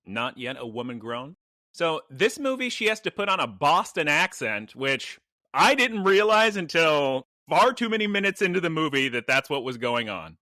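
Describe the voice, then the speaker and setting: A man's voice: a little high, sing-song, normal speed, sharp tone, dry recording, clean studio sound. A man co-hosting a podcast in casual chat, telling stories with laughs and animation. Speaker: podcast co-host.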